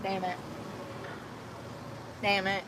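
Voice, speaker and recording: A woman's voice: medium pitch, monotone, extremely slow. Chatty woman vlogging on a windy street. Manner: chatty, talks to herself, slangy and blunt. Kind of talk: casual self-talk vlog. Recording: wind and traffic noise outdoors.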